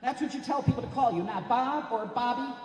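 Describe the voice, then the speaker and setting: A man's voice: extremely high pitch, a little fast, darkish tone, pitched above the performer's own voice. A man voicing a stern mother who lectures her son in an emphatic, scolding way. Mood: insistent. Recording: echoey library hall.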